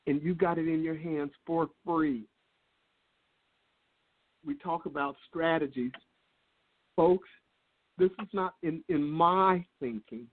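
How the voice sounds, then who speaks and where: A man's voice: a little high, takes it slowly, long pauses. A man speaking as a guest on a business interview call, laid-back and earnest, often restarting his words. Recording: tinny phone line.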